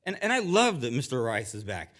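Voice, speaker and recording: Middle-aged resident, nervous and emotional, stumbles and restarts while reading prepared remarks at a council podium. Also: male voice, mid-range voice, big pitch swings, brisk, a bit bright. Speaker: resident giving public comment. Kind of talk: public comment at a council meeting. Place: council chamber.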